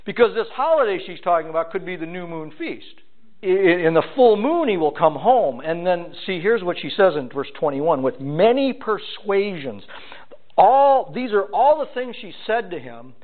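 A man preaching a sermon in a high voice that swings up and down. He keeps asking his listeners questions as he works through a scripture passage. The recording is thin and phone-like. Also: normal speed. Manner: animated, rhetorical questions to the congregation. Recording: tinny phone-like sound.

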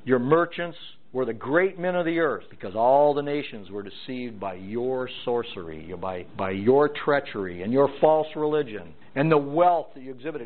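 A man's voice: medium pitch, animated, normal speed, few pauses. A man preaching a verse-by-verse Bible teaching sermon, stressing each item in a list as his voice rises and falls. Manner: emphatic, lists items with rising and falling stress. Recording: tinny phone-like sound.

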